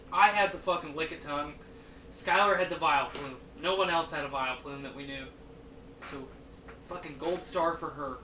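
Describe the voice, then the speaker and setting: A man's voice: fairly high pitch, bright, forceful tone, slight background noise. A man hosting a podcast in casual chat, a rambling storyteller who swears a lot. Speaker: podcast host. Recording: echoey room, distant mic.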